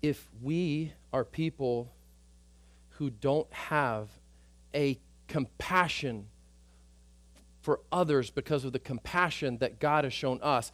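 A man preaching a sermon as pastor, emphatic, swinging between loud urgent stretches and quiet soft ones. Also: mid-range voice, slow, pauses often, no room sound, studio quality.

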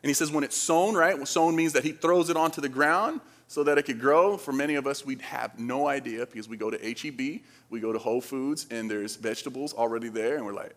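A Dominican man gives a casual, conversational sermon in a medium-pitched, slightly bright voice. He talks a little fast with few pauses and keeps asking the congregation questions.

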